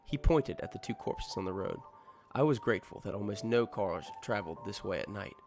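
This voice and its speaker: A man's voice: lowish voice, animated, fairly quick, gravelly. A man reading a horror story aloud as a scripted narration, tense and dramatic. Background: music.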